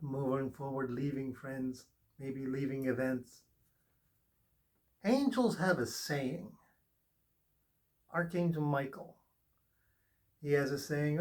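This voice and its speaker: A man giving a spiritual tarot reading in an earnest way, repeating short reassuring phrases. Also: fairly high pitch. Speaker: tarot reader.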